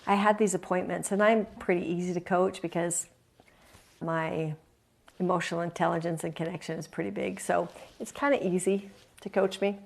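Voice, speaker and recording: A woman's voice: lowish voice, steady tone, normal speed, vocal fry. A woman hosting a talk, telling a personal story in an earnest, confiding way with emphatic repetitions. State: emotional, near tears at times. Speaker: host.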